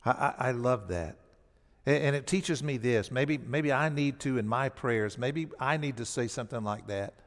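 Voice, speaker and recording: A man's voice: mid-range voice, moderate pace, big-room sound. A man preaching a sermon as pastor. He tells the story with emphasis and often restarts his words. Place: church sanctuary.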